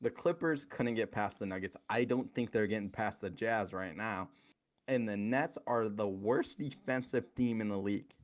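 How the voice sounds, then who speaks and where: A man's voice: lowish voice, normal speed. A man co-hosting a casual podcast, ranting in a heated, profane way about basketball teams. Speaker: podcast co-host. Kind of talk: casual sports chat.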